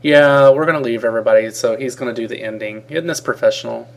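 A man's voice: mid-range voice, fast, gravelly. A man who is a college student, co-hosting a podcast and playfully teasing his partner in casual banter.

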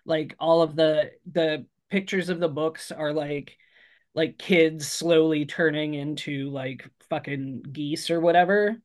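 A man's voice: a little high, fairly even intonation, slow. A man chatting casually on a podcast, rambling with lots of filler words and swearing. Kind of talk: casual chat.

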